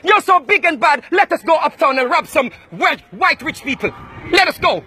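A man from Jamaica, loudly accusing and taunting people in a heated street confrontation. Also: very high voice, animated, normal speed. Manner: loud, accusing, repetitive taunting. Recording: noisy crowd around, outdoors.

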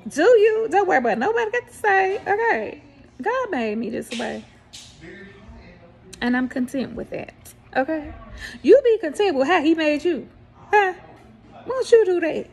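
Playful Southern grandmother with gravelly voice. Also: extremely high pitch, big pitch swings, moderate pace, a little mellow. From American South. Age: older. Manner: playful, preachy, laughs a lot, sings snippets. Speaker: vlogger. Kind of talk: casual mukbang chat.

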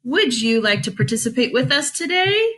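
A woman teaching a children's music lesson, upbeat and praising as she gently gives instructions. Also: a little high, big pitch swings, normal speed.

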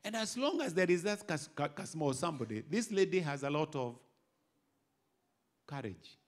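A middle-aged Kenyan bishop preaching an animated sermon, moving from quiet asides to loud exhortation. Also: male voice, a little high, moderate pace. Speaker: bishop and pastor.

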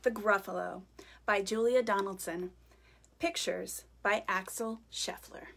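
A woman, a teacher type, reading a picture book aloud to children in a gentle, chatty way. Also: mid-range voice, steady tone, unhurried, gravelly.

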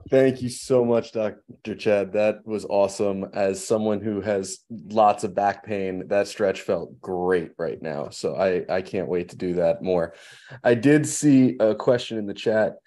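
Friendly male host with a low, mellow voice. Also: measured pace. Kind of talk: casual live chat.

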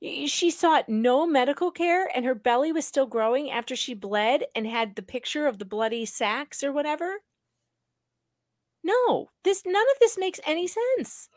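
Woman on a livestream picking apart a story, kinda high voice, dry sound. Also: expressive, normal speed, no echo. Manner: skeptical, argues point by point with restarts. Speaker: livestream host. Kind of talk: casual live-stream commentary.

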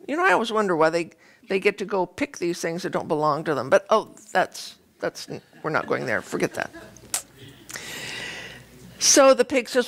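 A woman minister giving a conversational sermon, retelling a fairy tale with lively, animated storytelling. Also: on the low side, normal speed.

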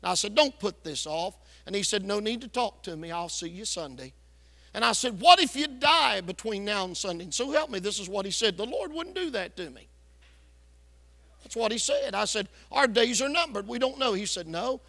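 A man preaching a revival sermon, telling a story loudly and with hard-driving force. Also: sits high, lively intonation, fairly quick, vocal fry. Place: church sanctuary. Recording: echoey church hall.

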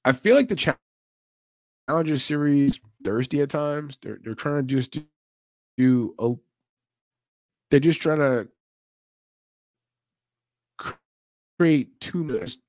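A man's voice: fairly high pitch, lively intonation, slow pace, pauses often, dry recording. A man hosting a casual live show, talking loosely with many laughs and asides. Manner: laid-back, chatty, laughs often. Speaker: podcast host.

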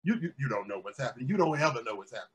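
A pastor preaching a sermon, calling out to his congregation and rising to shouts, recorded in a closed room with its windows blacked out for filming. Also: mid-range voice, lively intonation, racing, a crowd in the background, poor audio.

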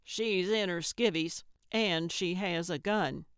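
A woman's voice: fairly low pitch, slow, smooth, dry recording, studio quality. A woman doing a blunt cantankerous old lady sleuth. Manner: blunt and grumbling.

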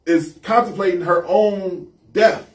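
A man's voice: high-pitched, takes it slowly. A man co-hosting a casual podcast, telling stories in an emphatic, repetitive way. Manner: animated storyteller, emphatic and repetitive. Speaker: podcast co-host. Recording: echoey room, mic set far off.

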